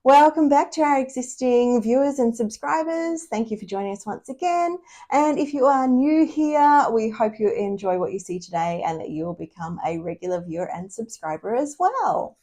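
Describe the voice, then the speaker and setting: A woman's voice: fairly high pitch, animated, normal speed, mellow. A woman co-hosting a cross stitch video, chatting casually and laughing often. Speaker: co-host of a cross stitch channel. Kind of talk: casual chat.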